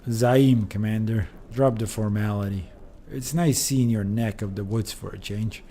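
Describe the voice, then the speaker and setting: A man's voice: on the low side, fairly even intonation, unhurried, warm tone, a little hiss or hum. A man reading out a friendly male soldier's lines from a video game in his own voice. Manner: plain read-aloud.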